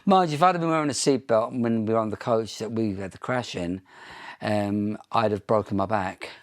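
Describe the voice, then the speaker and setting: An Irish pop singer, a guest in a relaxed interview, winds through long, chatty anecdotes full of ums, false starts and restarts. His fairly low voice carries the casual storytelling at a conversational, unhurried pace.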